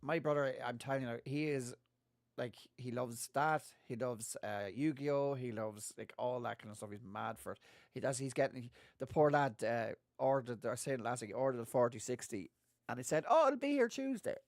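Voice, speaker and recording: A man co-hosting a gaming podcast, chatting casually and telling animated stories. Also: medium pitch, normal speed. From Ireland. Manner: chatty, animated storytelling with laughs. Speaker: podcast co-host. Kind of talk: casual chat.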